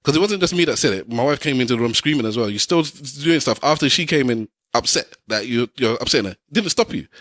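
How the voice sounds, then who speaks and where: A man's voice: mid-range voice, lively intonation, fast talker, few pauses, fairly bright tone, no echo, studio quality. A middle-aged man, arguing insistently on a podcast and hammering home his points. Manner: insistent, lecturing, repeats points. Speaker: podcast co-host. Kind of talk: heated personal argument.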